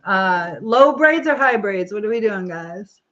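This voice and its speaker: A middle-aged woman chats her way through a live stream, rambling from one viewer comment to the next and laughing often. Her voice sits at an ordinary pitch for a woman, and the recording sounds a little dull and lo-fi. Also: lively intonation, unhurried, a bit bright. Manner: chatty, rambling, frequent laughs. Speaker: livestream host reading viewer comments. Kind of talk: casual live chat while styling her hair.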